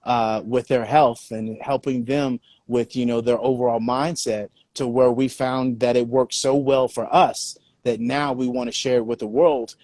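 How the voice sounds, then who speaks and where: A man's voice: mid-range voice, fairly even intonation, measured pace, few pauses, a little mellow, dry recording. Guy giving motivational entrepreneur talk, lots of "you know", dry mic. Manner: earnest, many "you know" fillers. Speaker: business coach.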